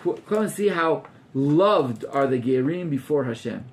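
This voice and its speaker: A man's voice: fairly high pitch, animated, normal speed, a little hiss or hum. A man, a rabbi teaching an informal class to students, talking animatedly and acting out scenes with gasps while mixing in Hebrew terms.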